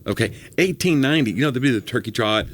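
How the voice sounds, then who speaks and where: A man's voice: mid-range voice, animated, fast. A man from Tennessee with a light Southern accent, co-hosting a podcast in casual chat and reading out facts with playful asides. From Knoxville, Tennessee. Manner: jokey, reads facts aloud with playful asides. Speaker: podcast co-host.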